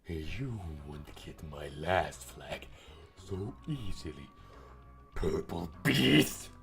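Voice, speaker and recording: A man voicing a pompous male villain, slowly taunting the player. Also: low voice, sing-song, vocal fry, a bit bright, soft background music, full character voice. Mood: gloating. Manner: haughty, drawn-out taunting.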